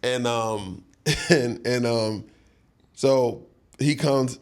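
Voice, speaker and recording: A middle-aged songwriter, a guest in a casual interview, tells a story in a middle-range voice with drawn-out words. He laughs a lot and acts out what others said, talking loose and easy as if reliving it.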